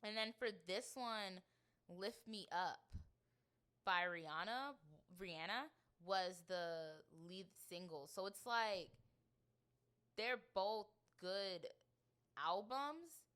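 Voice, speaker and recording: Speaking slowly at a medium pitch, a female podcast host chats casually, wandering from point to point with plenty of fillers and lively energy. Her tone comes across clear and resonant.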